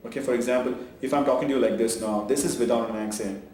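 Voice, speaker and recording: A man's voice: on the low side, fast, a little mellow, distant mic, slight background noise. Indian guy explaining his call center work, kinda hesitant, super echoey old clip. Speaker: call-center operator interviewee. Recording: echoey archive interview audio.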